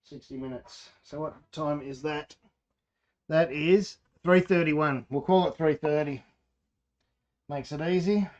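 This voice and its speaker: Unhurried and darkish in tone, a fairly high-pitched Australian man chats casually while hosting a home brewing livestream. He rambles, talks to himself and reads out chat as he works, heard through slightly dull lo-fi sound.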